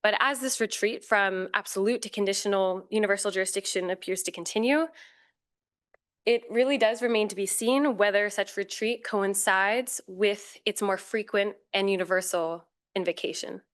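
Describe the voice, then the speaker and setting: Woman, conference panel speaker, formal academic presentation, clear resonant voice, middle pitch. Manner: formal, measured, with occasional fillers and self-corrections.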